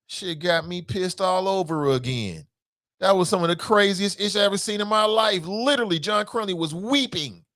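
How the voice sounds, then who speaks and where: A man's voice: high voice, measured pace. Fired-up man hosting a talk show. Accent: Cincinnati. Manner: passionate, profane, swings between loud outbursts and muttered asides; reads listener comments aloud. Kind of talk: solo political talk radio commentary.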